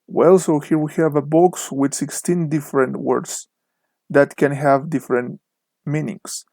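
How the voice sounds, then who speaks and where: A man's voice: fairly high pitch, steady tone, a little slow, vocal fry, warm tone, no room sound. A young man with a Mexican Spanish accent, a native Spanish speaker, teaching English online and carefully modeling the stress of word pairs. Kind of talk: online lesson narration over slides.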